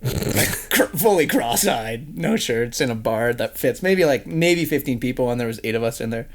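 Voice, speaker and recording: A man from Canada, a podcast guest telling stories in casual chat, animated and laughing often. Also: mid-range voice, normal speed, slight background noise. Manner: animated storyteller who laughs often and puts on quoted voices.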